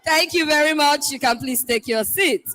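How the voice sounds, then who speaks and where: A Nigerian woman hosting a live event, calling out schools one by one, playful and teasing, often shouting to get the crowd going. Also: high voice, moderate pace. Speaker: event host.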